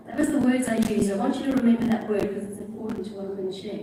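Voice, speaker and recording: A woman with an Irish accent, a guest preacher giving a sermon in a church, telling a story in a chatty, animated way with self-mocking asides. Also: a little high, fast, hardly any pauses. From Ireland. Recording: echoey church from a distance, faint noise.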